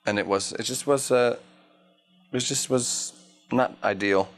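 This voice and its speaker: A man's voice: mid-range voice, steady tone, unhurried, faint music behind. A man in his thirties, an actor answering interview questions in a wry, rambling way, often restarting his sentences. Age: 30s. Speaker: actor interviewed at a press junket.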